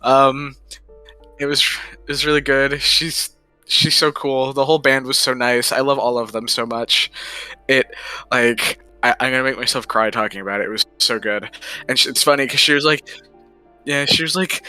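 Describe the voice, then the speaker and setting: A man's voice: medium pitch, steady tone, moderate pace, sharp tone, soft background music. A man livestreaming, chatting casually in a rambling way and swearing freely. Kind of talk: casual chat.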